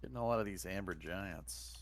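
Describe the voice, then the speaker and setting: A man chats casually as a player in a tabletop game, tossing out offhand remarks. His low voice is gravelly. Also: fairly quick, slight background noise. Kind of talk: casual chat.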